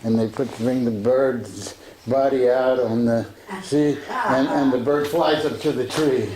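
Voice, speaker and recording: A man, a Sufi teacher, retells a teaching story in a halting way, full of fillers and restarts. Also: mid-range voice, fairly even intonation, a loud crowd, poor audio.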